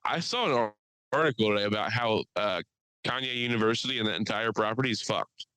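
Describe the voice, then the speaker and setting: A man co-hosting a podcast in casual chat, an animated, profane storyteller. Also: on the low side, fast talker, clean tone, no echo, rough recording. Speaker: podcast co-host.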